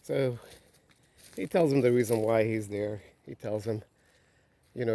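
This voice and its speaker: A man telling a story on a walk, relaxed, with many filler phrases. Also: medium pitch, measured pace, gravelly, long pauses, dry recording. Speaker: vlogger. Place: outdoors on a nature walk.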